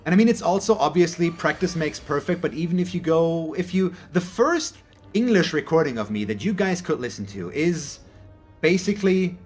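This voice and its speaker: German-born male gaming host, slightly high voice, chatty and meandering, faint music behind. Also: sing-song, moderate pace, darkish tone. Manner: rambling, self-correcting, chatty. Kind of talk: casual gameplay commentary.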